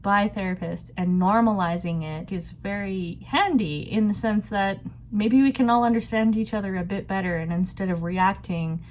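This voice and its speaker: A woman talks through a book she is reading in a casual vlog. She sounds chatty and reflective, and her voice sits at an ordinary middle pitch. A faint hiss of background noise runs under her voice. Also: normal speed. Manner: chatty and reflective, laughs often. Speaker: book vlogger.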